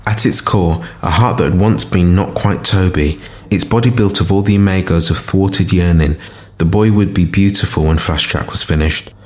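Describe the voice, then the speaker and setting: A man with a very deep voice narrates scripted fiction in a measured, dramatic way. He reads as the storyteller of a podcast tale. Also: a little mellow. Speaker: story reader.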